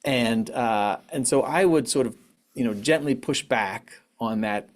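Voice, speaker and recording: A man giving a candid, reflective online talk on grief, now and then acting out what others said in a higher voice. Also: a little slow. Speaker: conference speaker on grief. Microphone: online presentation mic.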